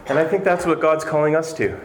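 A man's voice: a little high, fast talker. A man preaching a sermon in an earnest, conversational way, building to emphatic points. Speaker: pastor. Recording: echoey room with faint noise.

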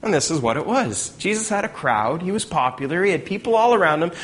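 A man's voice: on the high side, sing-song, fast talker, fairly bright tone, slightly rough. A man preaching a sermon as pastor, conversational with bursts of dramatic emphasis.

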